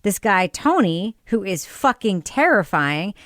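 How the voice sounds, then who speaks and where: A woman's voice: mid-range voice, big pitch swings, measured pace, fairly bright tone, no room sound, clean studio sound. A woman co-hosting a podcast in casual chat, thinking aloud and posing questions with lots of "like" fillers. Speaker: podcast co-host. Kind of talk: casual chat reviewing a TV series.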